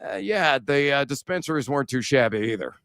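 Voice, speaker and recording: A man's voice: mid-range voice, animated, fairly quick, creaky, fairly bright tone, no echo. A man hosting a sports betting talk show, chatting casually with jokes and lots of "uh" fillers. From Central Illinois. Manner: rambling, jokey, many "uh" fillers.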